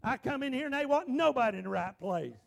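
High, gravelly preacher. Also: male voice, lively intonation, fast talker. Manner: folksy, exclamatory, repeats himself. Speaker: pastor. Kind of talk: preaching a sermon. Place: church sanctuary.

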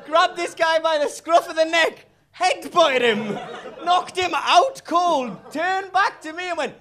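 Brief: Northern English male comic, very high pitch, punchy storytelling with "uh" fillers. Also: sharp tone, a faint crowd. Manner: brisk, punchy delivery with filler "uh"s. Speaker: stand-up comedian. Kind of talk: stand-up storytelling.

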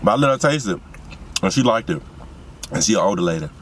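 A young man talks low and a little deep, rambling with excitement as he speaks straight to his viewers. He records on a phone in a parked car. Faint car and street noise sits behind him. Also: quick pace. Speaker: vlogger and seasoning business owner. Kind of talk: casual car vlog while eating.

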